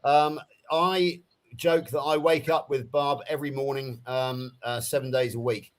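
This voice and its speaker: A man hosting a live stream over a video call, talking casually in a relaxed, halting way with many fillers. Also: mid-range voice. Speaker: livestream host.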